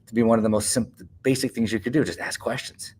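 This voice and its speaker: A man's voice: mid-range voice, fairly even intonation, quick pace, a little mellow, a little hiss or hum. A man co-hosting a casual podcast chat, thoughtful and repeating words as he forms his ideas. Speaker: co-host.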